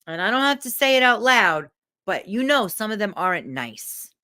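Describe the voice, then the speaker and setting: A woman's voice: medium pitch, normal speed. A woman coach giving a candid, emotional motivational talk to camera, swearing freely. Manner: animated.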